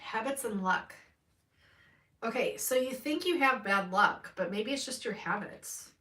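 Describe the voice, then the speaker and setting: Bright and forceful, a woman's mid-range voice carries a live-streamed tarot reading in which she rambles candidly, curses freely and laughs often. The recording sounds roomy, taken from a distant mic.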